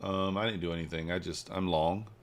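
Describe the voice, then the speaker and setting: A man hosting a trading livestream, casually reading and answering viewer chat while he trades, swinging between hyped shout-outs and quiet muttering. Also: low voice, brisk. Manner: hypes viewers, reads chat aloud, shifts from excited shouts to mumbling. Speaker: livestream host, futures trader.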